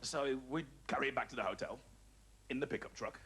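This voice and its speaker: A man from the English Midlands doing stand-up, telling stories in an animated way and slipping into voices. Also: mid-range voice, a little fast, heavy background noise. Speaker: stand-up comedian. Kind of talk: stand-up storytelling.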